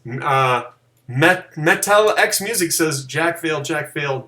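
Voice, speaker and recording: Bright-voiced man hosting a live stream. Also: measured pace, roomy sound. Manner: animated, jokey, does mocking high voices. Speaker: live show host. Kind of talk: casual live-stream chat.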